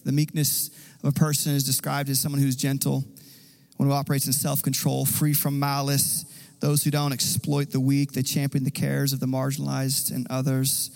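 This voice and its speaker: Gravelly-voiced pastor preaching in a hall. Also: male voice, medium pitch, completely flat delivery, normal speed, a little mellow. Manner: earnest, conversational preaching. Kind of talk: sermon.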